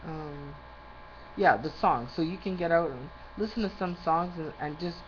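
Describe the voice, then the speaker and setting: A woman's voice: sits low, moderate pace. A woman in a rambling monologue. She loses her train of thought and rants indignantly. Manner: indignant, ranting. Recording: slightly muffled with faint background noise.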